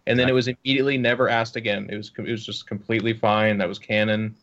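A man chatting casually with fellow players, telling animated stories and swearing freely. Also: lowish voice, quick pace, dull audio. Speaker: tabletop game player and streamer. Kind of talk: casual chat, storytelling.

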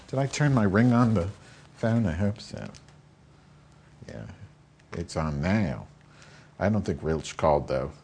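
A man's voice: lowish voice, a little mellow, a little hiss or hum. A man in his fifties hosting a solo podcast while he cooks at home, rambling, swearing and getting sidetracked with muttered asides. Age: 50s. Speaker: podcast host. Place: home kitchen.

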